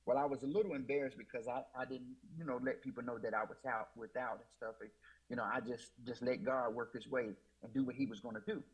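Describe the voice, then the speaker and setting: A man with a medium-pitched, fairly even voice talks quickly with a breathy edge, and the recording is rough. He is a guest sharing his personal faith testimony in Southern US Black church speech, telling it emotionally and repetitively and often quoting himself with "I said."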